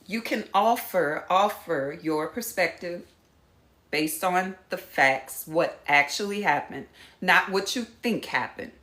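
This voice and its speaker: A woman's voice: fairly low pitch, slow, fairly bright tone, echoey room. Direct woman coaching her viewers. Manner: direct, instructive, addresses viewers as y'all. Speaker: empath coach. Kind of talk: live-streamed teaching talk.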